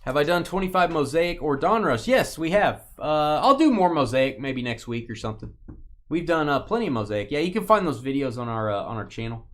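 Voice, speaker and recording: A man's voice: on the high side, sing-song. Joking man rattling off card-break lists. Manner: joking, rattles off names and teams in quick lists. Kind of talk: casual live-stream chat while opening cards.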